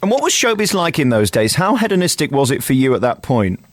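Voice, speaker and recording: A man hosting a broadcast interview, asking quick, teasing follow-up questions. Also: medium pitch, very animated, dry recording. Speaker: interviewer, radio host.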